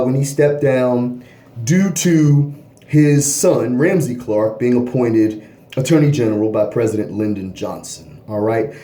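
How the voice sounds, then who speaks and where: A man's voice: mid-range voice, warm tone, echoey room. A man from Baltimore giving an unscripted history lecture, rambling and often checking in with "all right?". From Baltimore, USA.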